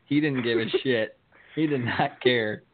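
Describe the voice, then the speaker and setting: A man's voice: mid-range voice, unhurried, a little hiss or hum. A young man co-hosting a podcast, bantering crudely and laughing while he teases his co-host. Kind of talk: casual banter. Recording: tinny phone-like sound.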